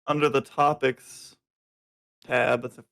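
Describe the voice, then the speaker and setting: A man's voice: medium pitch, little pitch movement, slow, gravelly, a bit bright. A young man on a podcast as a guest, chatting casually, laughing often and stumbling through his sentences. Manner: laughs often, hesitant with restarts. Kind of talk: casual chat.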